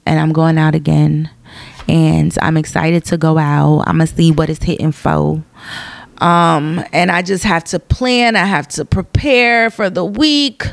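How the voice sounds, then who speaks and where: Gravelly-voiced woman rambling on a podcast. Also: lowish voice, measured pace, dry recording. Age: 30s. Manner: rambling, chatty, self-interrupting. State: tired. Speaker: podcast host; high school teacher. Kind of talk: casual solo podcast monologue.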